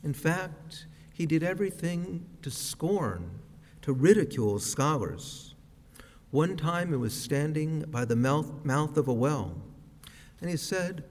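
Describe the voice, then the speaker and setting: A man preaching a sermon as a rabbi, with a slow, measured, reflective delivery. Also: on the high side, expressive, a little mellow. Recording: long reverb of a large hall.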